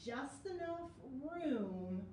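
A woman, a children's librarian, reading a picture book aloud to kids in a lively sing-song way with sound effects. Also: sits high, very slow, far from the mic, slight background noise. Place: library story room. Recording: echoey room, voice from off-mic.

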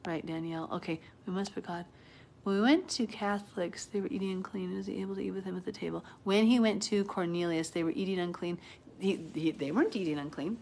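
A woman giving a casual, live-streamed Bible teaching. She talks in an earnest, chatty way, stops to answer viewer comments, and acts out quoted people with sudden jumps in pitch. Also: quick pace, gravelly, a little mellow, slight background noise.

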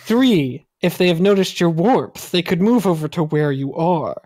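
A woman's voice: on the low side, lively intonation, normal speed, warm tone. A woman co-hosting a comedy podcast, reading a how-to article aloud in a mock-earnest way and breaking into laughter. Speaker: podcast co-host.

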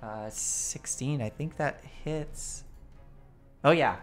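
A woman's voice: rumbling low, slow, soft background music. A woman narrating as the game master of a tabletop role-play stream, giggly and rambling with fillers, on a desk mic.

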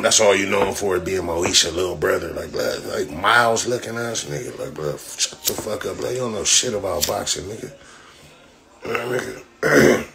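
A man's voice: fairly low pitch, vocal fry, background noise. A man, a boxer on a livestream, ranting in profane trash talk full of repeated slang fillers. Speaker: boxer livestreaming after a fight. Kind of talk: casual livestream rant.

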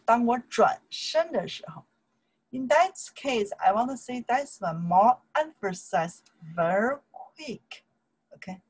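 This mid-range female voice comes through a low-quality recording. She is a native Chinese speaker with a Chinese accent, using simple English to teach a language lesson, walking through grammar and repeating phrases.

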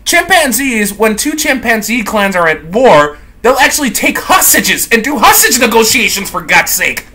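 A man's voice: high-pitched, very animated, moderate pace, hardly any pauses, pushed and bright. A man co-hosting a podcast, trading crude comedic banter and telling absurd bits with a giggle. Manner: giggly, tells absurd bits with silly voices. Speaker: podcast co-host.

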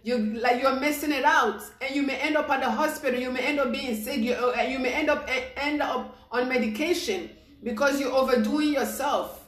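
A woman preaching an informal devotional sermon, excited and repetitive, acting out the people she quotes. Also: high-pitched, moderate pace, echoey room.

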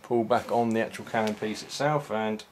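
Halting man showing off a toy. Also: lowish voice, noisy background. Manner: unhurried, halting, many ums and restarts. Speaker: toy reviewer. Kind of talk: casual product walkthrough.

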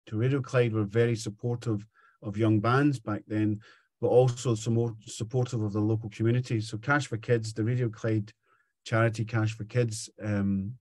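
A man's voice: mid-range voice, no echo. A middle-aged Scottish man, a musician guest, chatting and telling stories in an interview. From Scotland. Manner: chatty, animated storytelling. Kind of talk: casual interview chat.

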